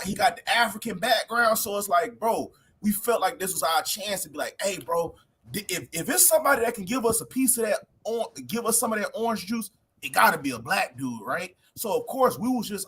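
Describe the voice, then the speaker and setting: A young man co-hosting a podcast, talking in animated slang and acting out quotes in voices during a heated casual chat. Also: high voice, breathy edge. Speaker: podcast co-host.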